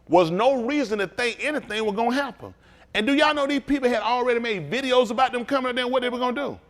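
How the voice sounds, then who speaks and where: A man preaching as a pastor in a fiery talk, swinging from low mutters to loud outbursts. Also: lively intonation, fast talker.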